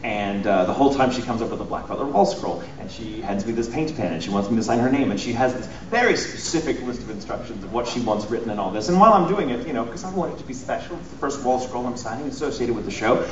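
A man speaking as a voice actor on a convention panel, telling stories with animated, laughing delivery. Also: mid-range voice, fast, hardly any pauses, highs cut off. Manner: animated storyteller, laughs often. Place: hotel convention panel room. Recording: echoey hall, distant, noisy.

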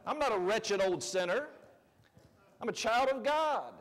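A man preaching a sermon as pastor, conversational, swinging between loud emphatic lines and quiet asides. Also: high voice, animated, unhurried, in a large hall. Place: church sanctuary.

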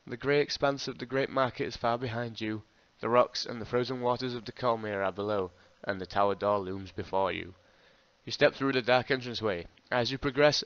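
A man reading an interactive fiction game aloud, expressive and breaking off with laughing asides. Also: medium pitch. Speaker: host. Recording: dull lo-fi recording.

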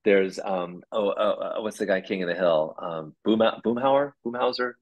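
A man's voice: fairly low pitch, moderate pace, muffled recording. A man talking as a guest in a casual interview, reflective and rambling, with lots of restarts. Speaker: guest puppeteer.

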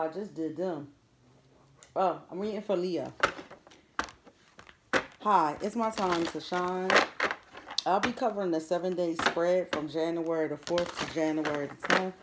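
A woman's voice: sits low, fairly even intonation, normal speed, heavy background noise. A woman doing a chatty, informal tarot reading, repeating her questions as she goes. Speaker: tarot reader.

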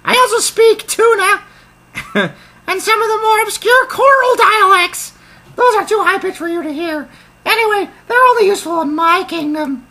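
A man voicing a chatty, hasty male dolphin in a squeaky, birdlike voice, rambling and excitable. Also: normal speed, gravelly, heavily acted.

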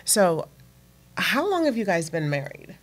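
A woman hosting an interview show, relaxed and prompting her guests with short affirmations. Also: on the low side, measured pace. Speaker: host. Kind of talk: casual interview.

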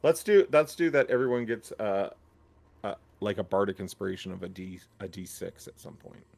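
Excitable man running a tabletop game. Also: on the low side, moderate pace, creaky. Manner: excitable, swears when surprised. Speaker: game master.

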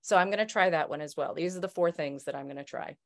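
Her voice deep and her pace fast, a woman in a circle offers the group self-help tips. She's thoughtful and relaxed, frequently starting sentences over and asking "right?".

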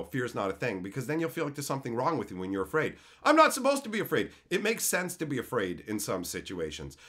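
A man's voice: medium pitch, fairly bright tone. A man streaming live, reading chat and ranting bluntly with lots of swearing. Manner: profane, blunt, heated ranting. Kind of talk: casual livestream rant, reading chat.

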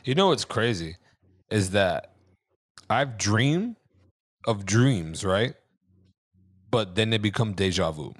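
Animated man telling a story, dry sound. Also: lowish voice, slow pace, pauses often, no room sound. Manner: animated, swearing, shouts when acting out scenes. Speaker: podcast co-host. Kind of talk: casual storytelling.

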